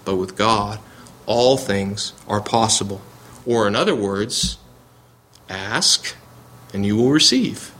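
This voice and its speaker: A man's voice: fairly low pitch, a bit bright, a little hiss or hum. Earnest man teaching a Bible class. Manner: earnest, reads scripture aloud, restarts and searches for words.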